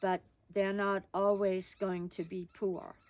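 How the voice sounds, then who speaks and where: A woman's voice: mid-range voice, flat delivery, slow, darkish tone, close to an everyday voice. A woman recounting a firm, loving grandmother. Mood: gently firm.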